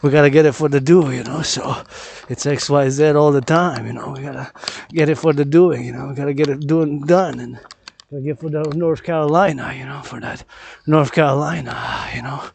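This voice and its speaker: A man's voice: fairly high pitch, fairly even intonation, fairly quick, vocal fry, darkish tone, a little hiss or hum. A man vlogging outdoors on a forested mountain trail, rambling and repeating words and phrases over and over. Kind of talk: rambling vlog monologue.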